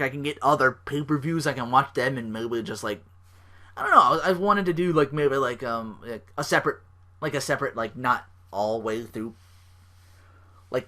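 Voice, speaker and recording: A man's voice: medium pitch, sharp tone. A man hosting a solo podcast, rambling with lots of "like" fillers and restarts. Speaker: podcast host.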